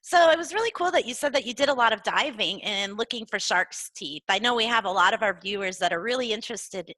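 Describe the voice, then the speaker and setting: A woman's voice: a little high, fast, bright, forceful tone, no room sound. A woman hosting a live-streamed interview, asking questions and reading out viewer names. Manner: friendly, reads out viewer names, uses "um". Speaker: host.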